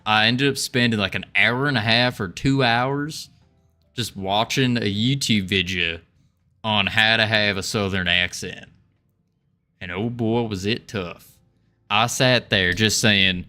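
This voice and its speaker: A man's voice: on the low side, slow pace, bright, forceful tone, faint music behind. A man streaming his game development, chatting casually and reading chat aloud, chuckling often as he rambles. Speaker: game dev livestreamer.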